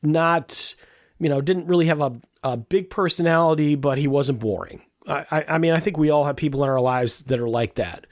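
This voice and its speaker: A man's voice: on the high side, moderate pace, dry recording, clean studio sound. A man in his fifties, a podcast host telling a personal story in a casual, rambling way, with many restarts and repeated words. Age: 50s.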